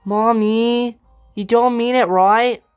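Woman doing a sulky daughter who begs and whines, kinda high voice, slow, dry sound. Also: steady tone, a little mellow, dull audio, faint music behind. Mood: pleading. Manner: whiny and begging. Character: pleading, sulky adopted daughter, young woman. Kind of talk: amateur home-made family drama.

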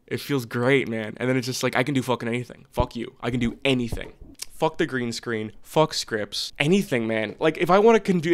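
A man's voice: medium pitch, clear, resonant tone. A man in his twenties ranting to the camera in an unscripted vlog, blunt, profane and earnest. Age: 20s. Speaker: vlogger.

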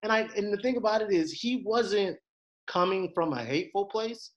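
A young man, a podcast guest, telling a story in casual chat, animated and quick to act out the voices of others. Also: high-pitched, lo-fi sound. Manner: animated, acts out quoted voices, frequent restarts.

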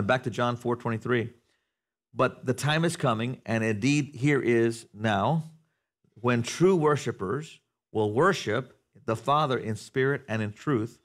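A man preaching a sermon to a congregation in a church, talking conversationally, asking the room questions and building to loud, animated passages. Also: medium pitch. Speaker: pastor. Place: church sanctuary before a congregation.

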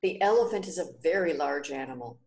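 A woman voicing a wise young prince who speaks gently and patiently in a storybook reading. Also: deep voice, lively intonation, a little fast, roomy sound. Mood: gentle.

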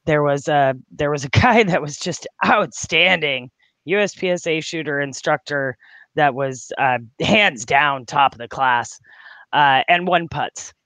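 A man in casual podcast chat, speaking haltingly with many fillers. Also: a little high, bright, forceful tone, no echo.

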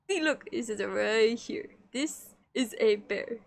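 A woman's voice: fairly high pitch, measured pace, creaky. A woman streamer chatting casually with her viewers while she draws, giggly and playful as she teases her chat.

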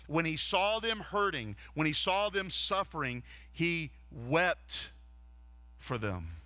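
Male pastor, bright and forward tone, earnest sermon delivery, dry close sound. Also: fairly high pitch, lively intonation, a little slow, no echo. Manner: earnest preaching with repeated rhetorical questions. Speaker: lead pastor. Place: church stage.

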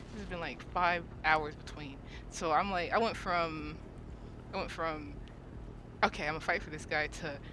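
A woman's voice: mid-range voice, sharp tone, slight background noise. A woman telling an emotional story in a casual, rambling way, full of fillers and repeated words, and swearing freely. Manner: rambling, many fillers, repeats herself when upset. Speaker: cast member sharing her side.

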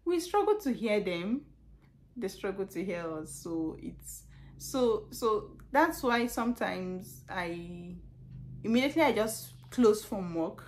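A woman's voice: mid-range voice, slow. Nigerian woman telling work stories. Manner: animated storytelling with laughs and repetitions. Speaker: customer service representative. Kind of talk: casual vlog chat.

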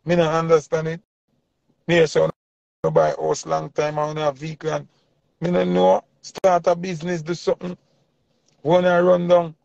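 A man's voice: on the high side, monotone, moderate pace, vocal fry, long pauses, darkish tone, no echo. A man with a Jamaican accent delivering a passionate, preachy commentary rant in heavy Patois. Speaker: vlogger. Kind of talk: ranting commentary. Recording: dull lo-fi dry sound.

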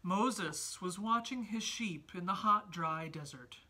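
A mother in her thirties teaches a Sunday school lesson to children at the family home, reading a storybook aloud. She speaks gently, encouragingly and slowly, in a fairly low-pitched voice.

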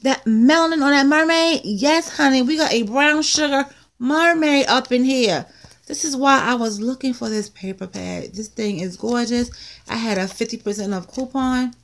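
A woman hosting a casual haul vlog about craft supplies, excitable and full of playful exclamations and asides, recorded on a close mic at a table. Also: fairly high pitch, normal speed.

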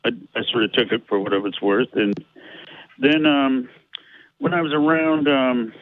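A man's voice: mid-range voice, normal speed, no echo. A man calling in to a show, rambling hesitantly with many fillers, heard over a phone line. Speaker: caller. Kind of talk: phone-in call. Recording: tinny dry phone line.

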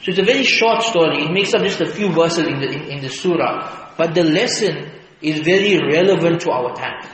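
A man giving a Friday sermon lecture, emphatic and animated, asking rhetorical questions. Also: fairly high pitch, brisk, a little hiss or hum. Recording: echoey hall, faint ambience.

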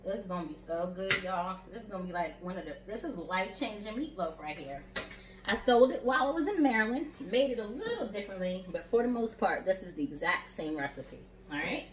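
A home chef with a Southern US accent speaks briskly in an expressive, medium-pitched voice. She gives a chatty, encouraging cooking demo in her home kitchen, calling viewers "y'all" and "honey." She's recorded from a distance in an echoey kitchen.

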